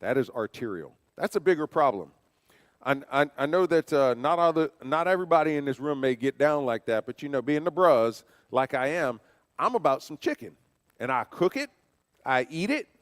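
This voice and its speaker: A man's voice: on the high side, lively intonation, moderate pace, clean studio sound. Man teaching safety in a reverberant hall. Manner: conversational, fires off rhetorical questions; tells personal stories. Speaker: church safety trainer. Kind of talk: safety training talk to a congregation. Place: church hall. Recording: long reverb of a large hall.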